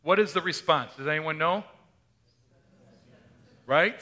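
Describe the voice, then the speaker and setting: Man, pastor, conversational sermon, questions to the congregation, bright voice, a little high. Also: expressive, moderate pace, long pauses.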